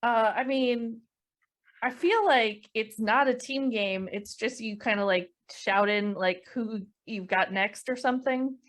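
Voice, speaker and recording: A woman playing in a tabletop game, chatting in a relaxed, playful way. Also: on the high side, measured pace. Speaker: player. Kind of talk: casual chat in a tabletop game.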